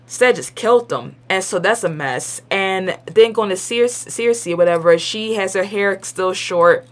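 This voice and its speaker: A young adult woman speaks a little slowly at medium pitch as she casually reviews an episode at home. Rambling and chatty, she's blunt and opinionated, restarting sentences, leaning on "like", and speaking with colloquial grammar.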